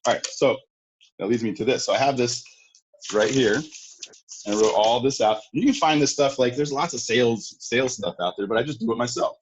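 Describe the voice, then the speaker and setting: A man talking casually as an interview guest, excitable and full of fillers, acting out little quotes. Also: mid-range voice, moderate pace, a little hiss or hum. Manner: animated, filler-heavy, acts out quotes. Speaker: sales guest. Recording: dull lo-fi sound.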